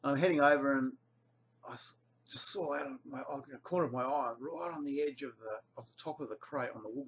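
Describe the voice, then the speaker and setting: A man's voice: mid-range voice, fast talker, slight background noise. An Australian man casually telling a rambling story, his voice jumping up when he quotes people. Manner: rambling, animated when quoting others. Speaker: vlogger.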